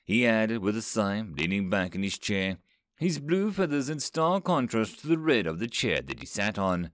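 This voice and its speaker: A man reads a science-fiction story aloud with dramatic expression. His pitch rises and falls in a lively way. The sound is close and dry, with no room echo. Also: moderate pace. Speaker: narrator. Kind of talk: scripted story narration.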